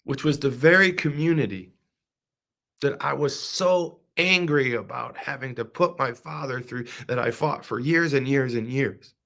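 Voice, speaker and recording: A man's voice: medium pitch, measured pace, creaky, fairly bright tone. Male host, devotional talk, earnest, repeats phrases with preacher-like emphasis.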